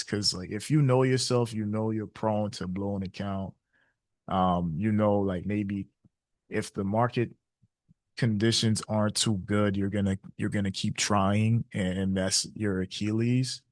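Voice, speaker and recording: A man's voice: medium pitch, no room sound, clean studio sound. A man hosting a webinar, talking casually and candidly, reflective, laughing often. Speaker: trading webinar host. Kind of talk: casual motivational talk.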